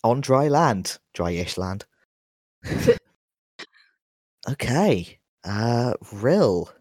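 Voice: medium pitch, very animated, very slow, a little mellow, no room sound, clean studio sound. A game master narrating a tabletop game in a playful, chuckling way.

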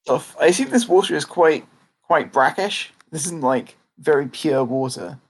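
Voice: mid-range voice, moderate pace. A player in a tabletop game making wry, joking remarks. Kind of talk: casual tabletop game play.

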